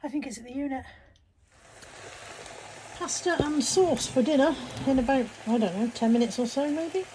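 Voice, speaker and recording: A woman's voice: high-pitched, normal speed, long pauses, darkish tone, slight background noise. A woman from England chatting casually to camera as a vlogger, self-mocking and muttering to herself as she goes through her post.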